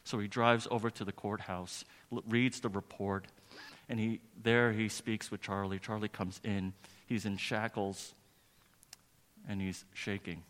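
A man's voice: lowish voice, level tone, unhurried, fairly bright tone. A male pastor preaching a sermon, telling a story earnestly and building to emphatic preaching. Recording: long reverb of a large hall.

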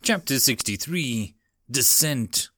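Expressive male audiobook narrator. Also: medium pitch, slow, no room sound, studio quality. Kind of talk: audiobook reading of a web novel.

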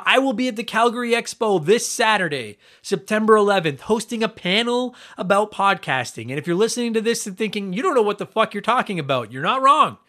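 A young man hosting a retro gaming podcast, chatting casually with jokes and plenty of swearing. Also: sits high. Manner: energetic, swearing, joking asides. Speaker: podcast host. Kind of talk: casual profane podcast chat.

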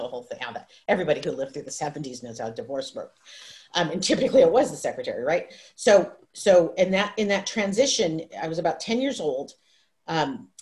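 Rambling, emotional woman in her fifties. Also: on the low side. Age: 50s. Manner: rambling, emotional, full of restarts and asides. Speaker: livestream host. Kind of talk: casual storytelling on a video call. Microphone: video call microphone.

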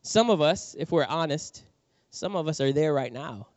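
Animated storytelling preacher, dry dull sound. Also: male voice, on the high side, moderate pace, no echo. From New Orleans, USA. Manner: animated storyteller, acts out quotes. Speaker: pastor. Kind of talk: sermon with personal story.

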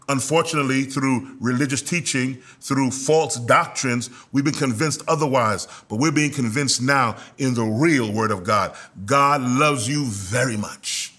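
A man of middle pitch preaches a sermon as pastor, drawing his listeners into call-and-response. He stretches out important words for weight and climbs into loud, high-pitched exhortation. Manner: slows down to stress key words.

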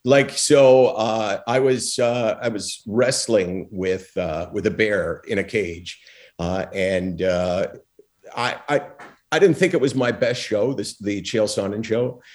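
A man's voice: lowish voice, slow pace. Guy telling show stories on a podcast, acts out what people said, lots of um and uh. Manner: animated storyteller, acts out quotes, frequent fillers. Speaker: guest, former talk show host. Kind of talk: storytelling in a podcast interview.

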